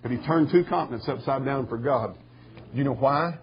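A man preaching a sermon in a folksy storytelling way, with a husky voice. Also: mid-range voice, moderate pace, highs cut off. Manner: folksy storytelling, rising to shouting bursts. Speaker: pastor.

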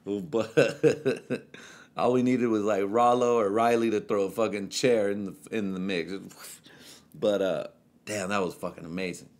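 A man's voice: lowish voice, steady tone, measured pace, a little mellow. A young male podcast host who sounds tipsy as he talks. His storytelling is loose, rambling and heavy on profanity, with a casual chatting delivery. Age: young adult. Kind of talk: casual chat.

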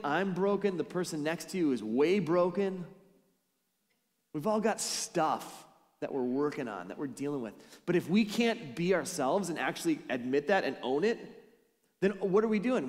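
A pastor giving a conversational sermon to his congregation, telling stories along the way. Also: on the high side. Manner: storytelling, conversational preaching. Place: church sanctuary. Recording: church hall with long reverb.

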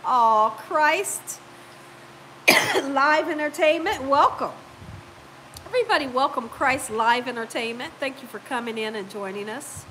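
A woman's voice: sits high, lively intonation, noisy background. A woman hosting a casual live cooking stream, chatting and laughing as she reads viewer comments aloud, with a lingering cough. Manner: chatty, warm-hearted, quick to laugh. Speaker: cooking channel host.

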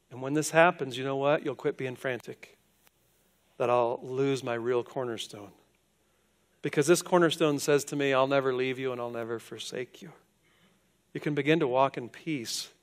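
An older male pastor preaching a sermon, who swings from loud questions to hushed, quiet endings. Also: mid-range voice.

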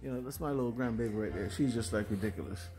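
A man's voice: mid-range voice, fast talker, over music. An older man in a casual home vlog, talking in a rambling way with lots of "you know" fillers. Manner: rambling, with frequent fillers and tags. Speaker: vlogger.

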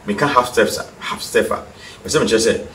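A man's voice: mid-range voice, moderate pace, fairly bright tone, distant mic, a little hiss or hum. Ghanaian man teaching piano, roomy sound. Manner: repeats key terms and quizzes the viewer. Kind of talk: TV music lesson, mixing English and Twi. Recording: echoey room, voice from off the mic. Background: piano notes.

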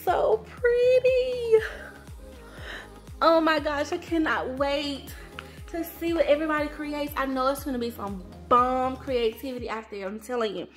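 A young woman vlogger gushing through an excited unboxing chat, repeating her words and calling out to her viewers. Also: high voice, normal speed, soft background music. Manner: gushing, repeats words, says y'all a lot. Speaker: planner vlogger.

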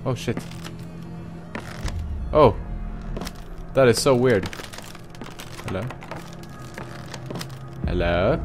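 A man's voice: fairly low pitch, animated, very slow, pauses often, a little mellow, soft background music. A young man commentating a horror game, jumpy and swearing often as he talks to his viewers. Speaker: gaming YouTuber. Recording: noisy home recording.

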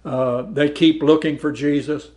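A man's voice: a little high, fairly even intonation, a little slow, a little mellow. A man teaching a Bible study lesson, reading verses aloud and explaining them in a conversational way, often repeating words as he goes. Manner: reads verses aloud then comments.

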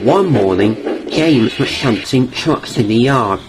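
A man narrating a children's story in a slow, plain storytelling manner. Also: medium pitch, expressive, heavy background noise. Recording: music playing underneath.

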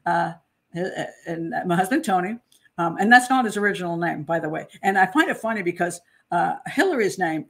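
A woman hosting a casual true crime commentary, talking in a chatty, digressive way, frank and opinionated, often laughing. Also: lowish voice.

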